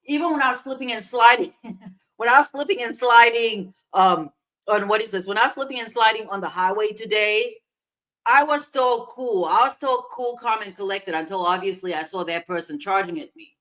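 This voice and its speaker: Animated woman telling a story. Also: medium pitch, moderate pace. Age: adult parent of a young child. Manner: animated, dramatic swings in loudness. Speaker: podcast co-host. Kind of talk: casual storytelling chat.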